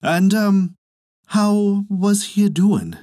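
A man's voice: sits high, lively intonation, takes it slowly, warm tone, no room sound, clean studio sound, voice pushed up. Man doing a fluttery gullible old wife. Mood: eager. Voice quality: raised, fluttery old-woman voice. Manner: exclaiming, doting. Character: gullible old farmer's wife, fussy and simple.

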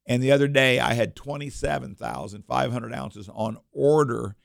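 A man with a deeply gravelly, fry-heavy voice tells shop stories on a talk radio show. He rambles and restarts, doubling up words as he goes. The sound is dry and close, with no room around it. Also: normal speed, no room sound. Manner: rambling, repeats words and restarts, animated anecdotes. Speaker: coin shop owner, radio guest.

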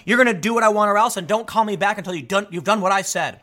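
A man putting on a tough-talking, threatening mobster-style boss with gruff, clipped gangster speech. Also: high voice, fast, sharp tone. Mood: menacing.

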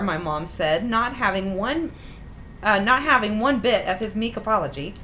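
Lively, laughing woman storyteller. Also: mid-range voice, normal speed, slight background noise. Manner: wry, animated, laughs often. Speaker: podcast host. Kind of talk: reading listener stories aloud with chat.

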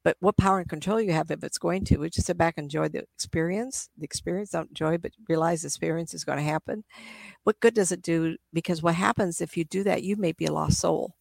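A woman's voice: fairly low pitch, quick pace, gravelly, darkish tone, no room sound. A middle-aged woman, a psychic medium, chatting in an interview and acting out spirits with gasps and laughs. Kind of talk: casual interview talk.

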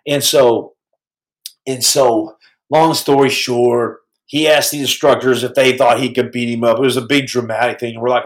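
A man telling a story on his podcast in a casual, animated way, stumbling over restarts and acting out the quotes. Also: medium pitch, normal speed, poor audio.

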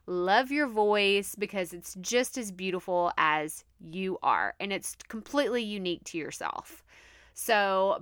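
Woman, Texan accent, podcast host, chatty and upbeat, bright forceful voice, dry close sound. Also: medium pitch, clear, resonant tone, no echo. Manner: chatty, upbeat, laughs often, says "like" a lot. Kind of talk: casual podcast monologue.

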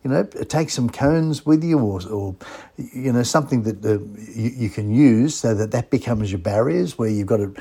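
Gravelly Australian radio host, chatty. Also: male voice, medium pitch, normal speed, mellow. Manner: rambling, chatty, with fillers. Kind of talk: casual radio chat.

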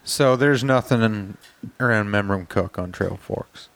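A man's voice: on the low side, measured pace, gravelly, fairly bright tone. A man co-hosting a casual podcast chat, blunt and laughing often.

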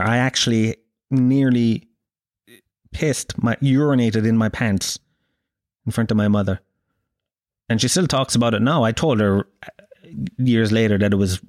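An Irish man in his thirties telling a profane, animated anecdote in casual chat, acting out the quotes. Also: fairly low pitch, dry recording, studio quality. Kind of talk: casual storytelling.

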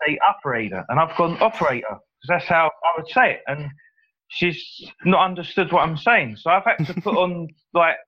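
A man's voice: on the high side, expressive, normal speed. A man with an English accent chatting casually on a podcast, hesitant and often repeating his words. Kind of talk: casual chat. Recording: muffled lo-fi audio.

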